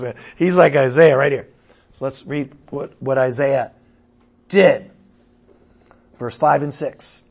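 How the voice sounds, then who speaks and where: A man preaching a conversational sermon, swinging between loud exclamations and quiet asides. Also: mid-range voice, a little slow, pauses often, breathy edge. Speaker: pastor.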